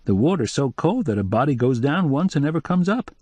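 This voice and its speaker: A man's voice: fairly high pitch, sing-song, brisk, darkish tone, no room sound, voice pushed up. A man voicing a blunt, confiding local official in an audiobook, close and dry.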